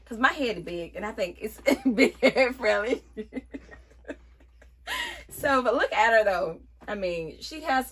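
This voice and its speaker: A young woman chatting playfully to her viewers as she reviews a wig, exuberant and quick to laugh. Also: medium pitch, slightly rough. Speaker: beauty vlogger reviewing a wig. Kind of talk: casual chatty vlog.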